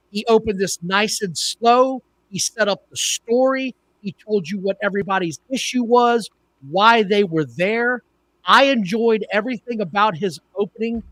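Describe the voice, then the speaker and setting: Bright, high-voiced, blunt podcast man. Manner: blunt, opinionated, stumbles over names. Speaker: podcast co-host. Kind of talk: casual wrestling talk.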